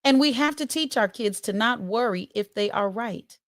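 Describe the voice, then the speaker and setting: A woman's voice: a little high, normal speed, no room sound, studio quality, close to an everyday voice. A woman in her forties doing a voice for a viewer's comment, a sincere and saddened woman, read plainly. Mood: earnest. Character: earnest woman commenter, sad and serious.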